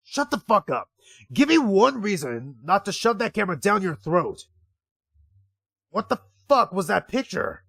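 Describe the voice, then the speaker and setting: A man's voice: sits high, sing-song, measured pace, vocal fry, a bit bright, breathy edge, dry recording, voice pushed up, full character voice. A man voicing a furious, aggressive frilled dinosaur teen boy who threatens and swears. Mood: angry.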